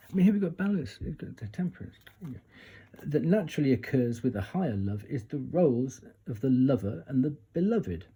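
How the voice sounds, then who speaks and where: A man's voice: medium pitch, mellow, breathy edge. A man doing a casual tarot reading, reading passages aloud from a guidebook and breaking off for chatty asides and retakes. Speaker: tarot reader.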